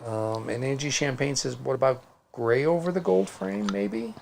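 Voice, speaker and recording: A man's voice: mid-range voice, moderate pace, vocal fry, darkish tone, slight background noise. A man with a Midwestern accent co-hosting a casual crafting livestream, chatting and reading out viewer comments. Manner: chatty, storytelling, reads out comments.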